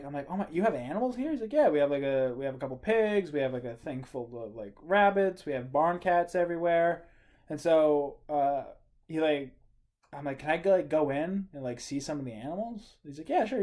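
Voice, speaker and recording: A man co-hosting a casual podcast, telling a story in an animated way and laughing as he goes. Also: a little high. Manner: animated, acts out his own story with laughter. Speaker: podcast co-host.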